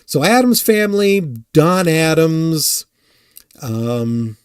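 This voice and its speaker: A man casually answering chat on a live stream, rambling and halting, often self-deprecating. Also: on the high side, big pitch swings, smooth, no room sound, studio quality.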